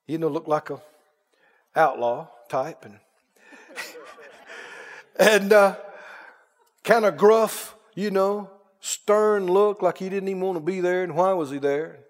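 A man's voice: sits high, slow pace, pauses often, big-room sound. A man preaching a sermon who moves from folksy storytelling to fervent preaching.

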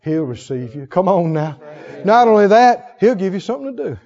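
A man preaching a sermon with fervor, swinging from hushed tones to shouts. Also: high-pitched, big pitch swings, moderate pace. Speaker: pastor. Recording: dull sound in a long-reverb hall.

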